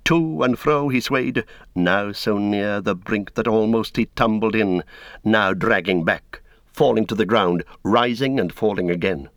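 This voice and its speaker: A man reading an epic tale aloud as an audiobook narrator, in a grave, deliberate voice that swells at dramatic moments. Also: lowish voice, a bit bright, no echo, studio quality.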